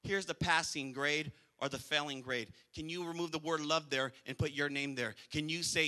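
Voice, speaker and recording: A man's voice: fairly high pitch, fairly even intonation, normal speed, few pauses, sharp tone, long reverb tail. A male pastor preaching a sermon in church, emphatic and repetitive, calling out to the congregation.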